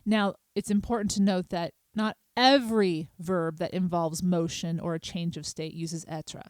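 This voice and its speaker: A middle-aged woman, hosting a podcast and patiently explaining a small language lesson, spelling words out slowly. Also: fairly low pitch, steady tone, darkish tone, no room sound. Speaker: podcast host.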